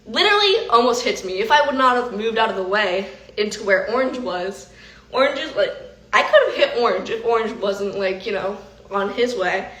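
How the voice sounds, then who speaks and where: Woman, casual livestream chat, animated storyteller, phone mic, lots of "like". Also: fairly high pitch. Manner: animated storytelling, heavy use of "like" and "literally". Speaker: vlogger hosting an Instagram live.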